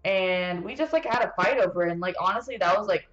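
A young woman telling a rambling, swear-heavy story while playing a video game, venting in an animated way. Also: medium pitch, quick pace, lo-fi sound. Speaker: gaming streamer. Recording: roomy echo, faint background noise.

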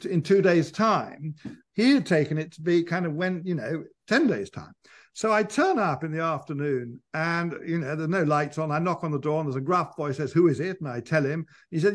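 Thoughtful man, slightly high voice. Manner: thoughtful, digressive storyteller with frequent restarts. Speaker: biographer, interview guest. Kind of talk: conversational interview.

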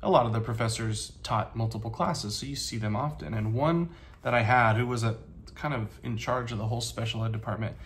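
A man in his thirties talking casually to the camera, halting with many pauses, earnest and grateful. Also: mid-range voice, a little hiss or hum. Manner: halting, soft-spoken, many ums and pauses. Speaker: vlogger and teacher.

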